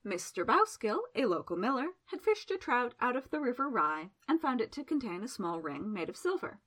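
Expressive, husky woman narrating a story. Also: a little high, fairly quick. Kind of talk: audiobook narration.

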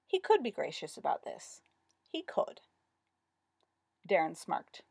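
A woman narrating a story aloud in an expressive, wry reading style. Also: on the low side, slow, vocal fry, long pauses, breathy edge, dry recording, studio quality.

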